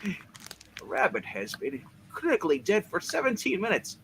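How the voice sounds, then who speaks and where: A man performs a boastful, crude young scientist in a comic-book reading, his voice very high, wildly animated and bright with gravel in it. Faint noise sits under the recording. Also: normal speed, heavily acted. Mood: brash.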